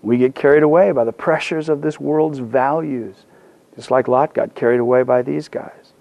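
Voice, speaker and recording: A man's voice: mid-range voice, steady tone, moderate pace, vocal fry, a little mellow, no echo. A man preaching a sermon, telling a personal story with self-deprecating humor and frequent restarts. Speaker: pastor.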